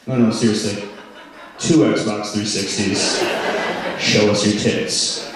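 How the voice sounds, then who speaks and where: A man's voice: fairly low pitch, fairly even intonation, slow, heavy background noise, pitched below the performer's own voice. A man doing an impression of a brash male radio shock-jock who pushes guests with bribes, heard echoey and distant in a club. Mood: pushy, bribing.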